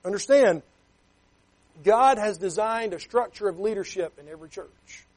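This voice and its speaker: A man's voice: sits high, lively intonation, moderate pace, darkish tone. A man preaching a sermon as a pastor. He talks emphatically, keeps checking with "Okay?", and reads scripture in King James wording.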